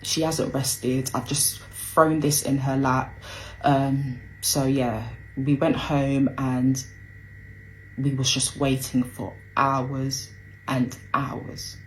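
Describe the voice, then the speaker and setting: A young woman tells a personal story in a low, deep voice. She talks slowly and unhurriedly, hesitant with plenty of ums, and acts out what others said. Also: level tone, a little hiss or hum, low-quality recording.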